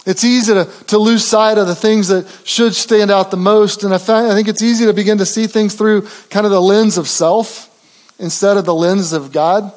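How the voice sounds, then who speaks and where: A man preaching a sermon, telling a story in a conversational way with many fillers and restarts, dropping low and quiet for tender moments and rising for quoted speech. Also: fairly even intonation, normal speed. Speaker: pastor.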